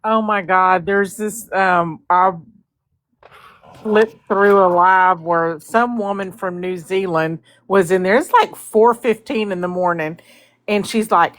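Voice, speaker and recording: A woman's voice: medium pitch, a little slow, a bit bright. A woman co-hosting a live stream in casual chat, blunt and sarcastic.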